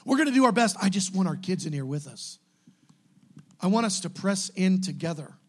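Young male pastor, fired-up sermon delivery, high voice with big lively swings. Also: normal speed, breathy edge. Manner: impassioned, exhorting, swings from soft to shouting.

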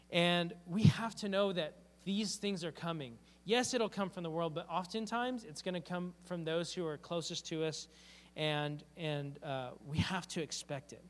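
A fairly high-voiced man preaching in a church hall, his earnest, heartfelt words trailing off into a long hall reverb. He tells a personal story as a pastor, speaking plainly and sincerely. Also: measured pace.

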